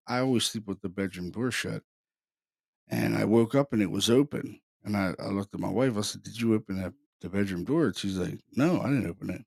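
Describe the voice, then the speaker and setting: Low-voiced man telling a ghost story. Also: vocal fry, a little mellow, no room sound, studio quality. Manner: halting, repeats words, conversational. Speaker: podcast host, paranormal investigator. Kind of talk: casual storytelling.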